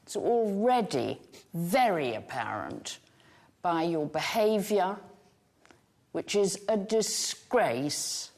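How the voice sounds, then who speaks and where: Stern slow-spoken woman principal. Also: on the low side, sing-song, darkish tone. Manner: stern, strict and disapproving. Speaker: school principal. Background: music.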